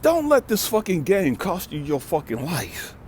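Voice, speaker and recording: A man's voice: high-pitched, wildly swooping pitch, measured pace, a little mellow, a little hiss or hum. A man in his fifties from California, telling a blunt, profane story with emphatic repetition as a vlogger and life coach. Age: 50s. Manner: emphatic, street-talking, repeats for stress.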